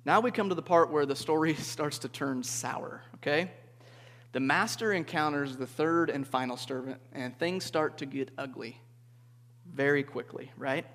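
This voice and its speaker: A man preaching to a group in a relaxed, conversational way, often checking in with "okay?" and asking the listeners questions. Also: fairly high pitch, normal speed. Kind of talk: interactive sermon. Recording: reverberant hall.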